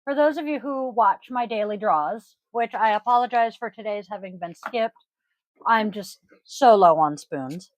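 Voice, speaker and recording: Speaking at an unhurried pace in a mid-range voice, a yoga teacher chats her way through a casual podcast, full of ums and throat-clearing. The home recording uses a close microphone, with no room sound and dull audio.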